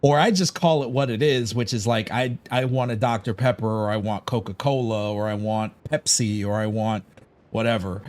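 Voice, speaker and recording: A man's voice: on the low side, fairly even intonation, normal speed, a little mellow. A man from Chicago chatting casually on a gaming livestream, rambling, opinionated and swearing freely. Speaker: gaming streamer.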